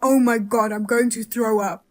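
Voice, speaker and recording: A woman plays a blunt mother-in-law with a fairly high voice, sharp-tongued and quick to outrage. Her dark jokes come out in a cutting, vivid way in this dramatized story. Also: fairly even intonation, lightly acted.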